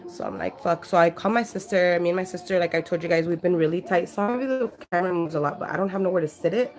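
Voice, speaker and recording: Brief: woman vlogger, slightly low voice, rambling casual storytelling to a handheld camera, peppered with "you know" and swearing. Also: fast, darkish tone. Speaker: vlogger sharing her life story. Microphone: handheld camera at arm's length.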